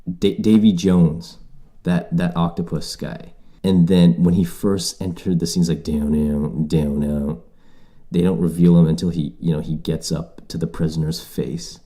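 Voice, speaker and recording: A Canadian man rambles through a solo podcast, restarting sentences and dropping casual profanity. His voice is low and very dark, with a mellow, unhurried warmth. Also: little pitch movement. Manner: rambling, profane, self-correcting. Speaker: podcast host.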